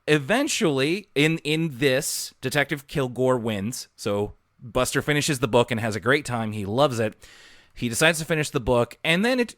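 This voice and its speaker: A man co-hosting a casual podcast, talking through an episode recap with easy laughter. His pitch swings widely and expressively as he talks. The sound is dry and close, with no room around it. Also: fairly bright tone, dry recording. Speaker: podcast co-host.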